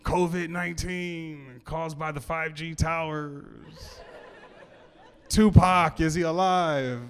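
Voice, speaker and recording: A man's voice: on the high side, fairly even intonation, slow. A man performing a stand-up set on a club stage, talking loosely with stammered restarts and asides to the crowd. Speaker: stand-up comedian. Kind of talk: stand-up set before a live audience.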